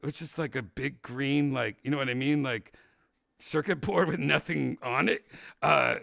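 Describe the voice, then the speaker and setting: A man hosting a casual talk show, rambling through a story and loudly acting out what people said. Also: mid-range voice, normal speed, vocal fry, dry recording, clean studio sound. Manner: rambling, animated, acts out quotes loudly. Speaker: podcast host.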